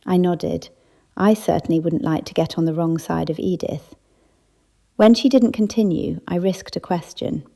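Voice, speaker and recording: Gravelly-voiced woman narrating an audiobook. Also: on the low side, fairly even intonation, a little slow, dark tone. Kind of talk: first-person audiobook narration.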